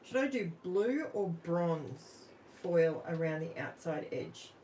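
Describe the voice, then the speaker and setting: An Australian woman chats her way through a live crafting session, talking to her viewers as she works. She speaks slowly in a somewhat low voice. A faint hum of background noise sits under her voice. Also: animated, warm tone, low-quality recording. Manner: chatty, talks to viewers while working. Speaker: crafting livestream host. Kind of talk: casual live crafting chat.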